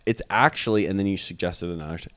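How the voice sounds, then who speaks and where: A man's voice: low-pitched, fast, fairly bright tone, no room sound. A man in casual chat on a podcast, joking and teasing.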